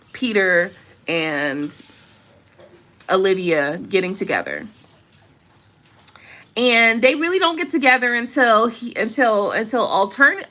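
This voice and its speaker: A woman's voice: mid-range voice, bright, forceful tone. A woman vlogger in an unscripted monologue, talking emphatically and preachily with frequent profanity.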